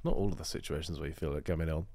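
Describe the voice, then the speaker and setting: A man's voice: rumbling low, steady tone, very fast, mellow, no echo. A young man co-hosting a podcast, chiming in with dry, teasing quips. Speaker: podcast co-host. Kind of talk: casual podcast chat.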